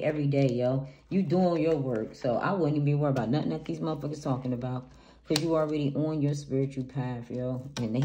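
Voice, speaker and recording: Low-voiced, blunt, cussing tarot reader woman. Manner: blunt, profane, hyped-up and emphatic. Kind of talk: casual tarot reading monologue. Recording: noisy home recording.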